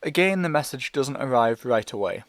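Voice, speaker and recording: A man's voice: mid-range voice, animated, normal speed, a bit bright, no echo, studio quality. Man narrating an anxious first-person story. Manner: anxious, hesitant inner monologue. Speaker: audiobook reader.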